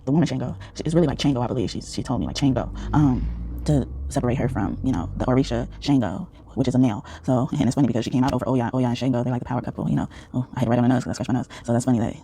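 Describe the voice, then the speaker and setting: A man's voice: medium pitch, rapid-fire, gravelly, mellow, a little hiss or hum. A man giving a casual, rambling tarot reading, full of fillers and restarts. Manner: rambling, many fillers and restarts, frequent laughs. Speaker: tarot reader.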